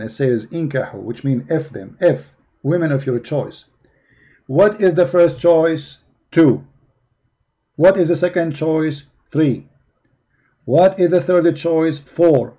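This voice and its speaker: Mocking man with a dark voice. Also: on the high side, unhurried. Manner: mocking, emphatic, repeats rhetorical questions. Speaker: religion critic presenting. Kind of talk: commentary on articles.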